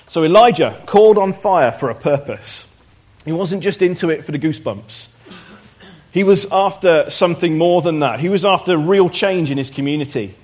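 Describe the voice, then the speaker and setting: A man preaching a sermon in a church, reading scripture aloud and speaking conversationally in between, growing louder and higher when he quotes the prophet. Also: moderate pace. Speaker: pastor. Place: church hall.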